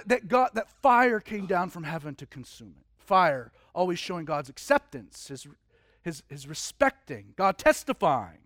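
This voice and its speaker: A man's voice: sits high, sing-song, normal speed, no room sound, studio quality. A man preaching a sermon, telling a story vividly and dramatically with frequent restarts.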